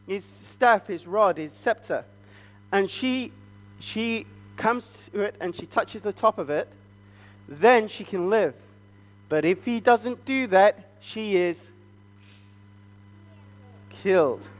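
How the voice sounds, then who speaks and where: Man, children's storyteller, playful, quizzes the kids, high voice, slow. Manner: playful, asks the children questions. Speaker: children's storyteller at a church service. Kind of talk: interactive Bible story for children.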